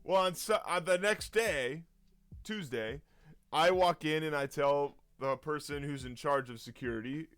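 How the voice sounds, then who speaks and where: A man, a youth pastor, telling a story in a casual, lively way and chuckling often. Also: on the high side, unhurried, clean tone, dry recording, soft background music.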